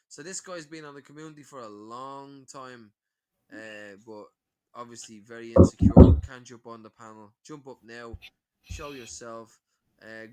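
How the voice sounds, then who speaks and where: A man's voice: mid-range voice, moderate pace, dark tone. A man talking in a casual livestream chat as a panel guest, combative, sweary and mocking.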